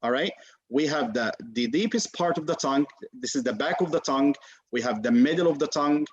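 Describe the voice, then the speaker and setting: Patient male teacher, slightly high voice, muffled video call sound. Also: fairly quick. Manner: patient, encouraging, demonstrates sounds. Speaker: Quran recitation teacher. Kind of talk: online class teaching.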